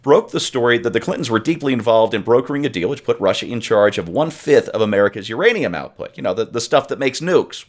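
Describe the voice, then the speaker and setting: A man hosting a political talk show, setting up questions in a brisk, wry way. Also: medium pitch. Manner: brisk, wry, reads lead-ins to questions. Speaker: host.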